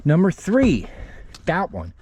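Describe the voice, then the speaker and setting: This vlog host has a fairly high, darkish, slightly rough voice with wild pitch swoops and a slow delivery. He works one-handed next to a parked van outside, camera in his other hand, a bit winded, chatting casually through a how-to and addressing his audience as "guys."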